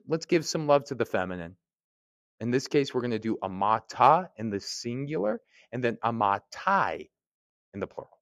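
A man, teaching a Latin grammar lesson in a relaxed, chatty way, with drawls and restarts. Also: medium pitch, no room sound, studio quality.

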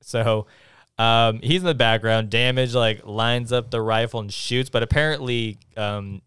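A man's voice: mid-range voice, a little slow, a bit bright, smooth, no room sound, clean studio sound. A man co-hosting a podcast, recapping a film in a laid-back, casual way with plenty of "um" and "like". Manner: laid-back, with many fillers like "um" and "like". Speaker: podcast co-host.

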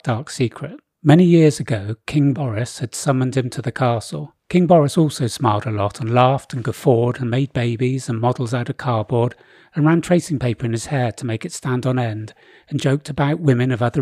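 A man reading a satirical comic story aloud in a dry, deadpan manner. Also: medium pitch, husky, no echo.

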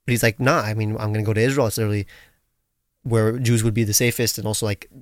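A young man co-hosting a podcast, telling stories in a rambling, animated way with lots of restarts. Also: fairly low pitch, quick pace, no room sound, studio quality. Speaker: podcast co-host. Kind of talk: casual chat.

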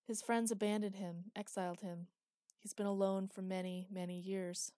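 Woman reading a soft sad god guy, flat low voice, mellow. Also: normal speed, dry recording, natural voice. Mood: sad, tender. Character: gentle, sorrowful male death god.

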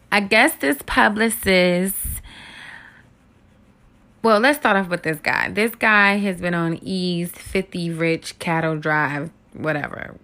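A woman's voice: mid-range voice, creaky, pushed and bright. A woman hosting a casual celebrity gossip commentary, candid and profane, often laughing, with features. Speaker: host.

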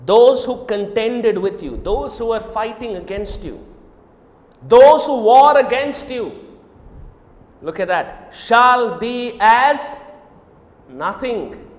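A man preaching a sermon, swinging from loud, emphatic declarations to quiet, low asides and repeating Scripture phrases for emphasis. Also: lively intonation, takes it slowly, long pauses. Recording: echoey hall, roomy reverb.

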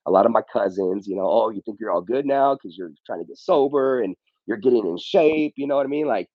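A man's voice: on the low side, animated, brisk, dry recording, lo-fi sound. A man speaking as a podcast guest in casual motivational talk, often saying "bro" and "you know what I mean".

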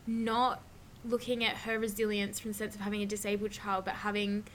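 A woman's voice: mid-range voice, flat delivery, a little fast, slight background noise. Chatty woman recommending a book. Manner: chatty, many "like" and "um" fillers. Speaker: guest describing a book. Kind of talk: casual podcast chat.

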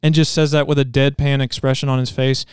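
A man's voice: mid-range voice, flat delivery, fairly quick, smooth, no echo, studio quality. A man on a podcast sharing a personal testimony in casual chat, telling it earnestly and rambling, with many restarts. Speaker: podcast co-host.

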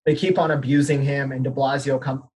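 A man's voice: mid-range voice, little pitch movement, fairly quick, darkish tone, husky, rough recording. A young man from Arizona, a panelist on a college podcast, talking candidly in casual discussion and laughing nervously at grim news. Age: young adult.

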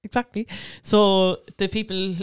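A woman's voice: mid-range voice, flat delivery, a little slow, clean tone. A woman with a Cork Irish accent, co-hosting a podcast, reminiscing with a laugh and casual swearing. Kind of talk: casual chat.

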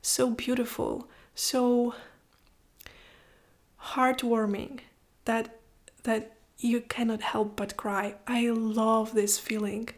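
A woman speaking in a heartfelt, reflective personal monologue, often dropping to a soft whisper and moved to tears. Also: fairly high pitch, level tone, takes it slowly. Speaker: vlogger.

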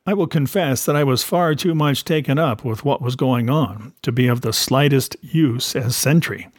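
A man reading a novel aloud in a steady, measured storytelling voice. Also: mid-range voice, dry recording, clean studio sound. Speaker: reader.

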